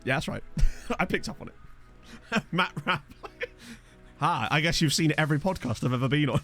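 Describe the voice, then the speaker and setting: Animated male streamer, fairly high voice, swings up and down a lot in pitch. Casual, rambling and jokey, he chats into a desk mic with faint music underneath. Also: moderate pace. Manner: rambling, jokey, reads out chat messages. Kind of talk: casual live-stream chat over gameplay. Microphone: desk microphone.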